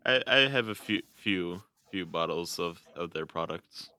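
A man co-hosting a podcast in casual chat, halting and restarting often, laughing easily. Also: low-pitched, animated, pushed and bright. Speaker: podcast co-host.

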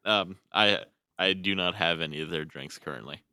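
A man co-hosting a podcast in casual chat, halting and restarting often, laughing easily. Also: deep voice, pushed and bright, no echo, clean studio sound. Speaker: podcast co-host.

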